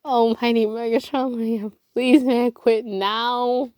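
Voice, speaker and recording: A woman reading a story aloud and voicing a cowardly male robot underling in a pleading, whiny way, a bit higher than her own voice. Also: measured pace, dry recording, clean studio sound, natural voice.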